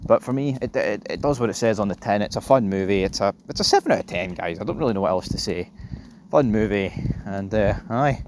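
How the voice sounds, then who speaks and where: A man's voice: lowish voice, brisk, a little mellow, slight background noise. Sweary guy reviewing a film. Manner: rambling, sweary, offhand. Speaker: movie reviewer. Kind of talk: casual spoken film review.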